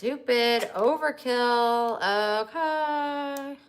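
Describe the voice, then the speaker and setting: A middle-aged woman vlogging casually, chatting and loudly scolding her dog. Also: sits high, steady tone, very slow, background noise. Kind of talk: casual vlog talking to her pets.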